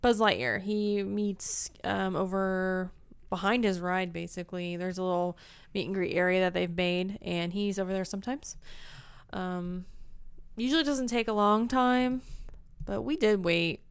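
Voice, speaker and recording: A woman's voice: medium pitch, measured pace, clean tone, no echo. A woman co-hosting a casual chat about theme park tips, chatty and hesitant with ums. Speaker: co-host.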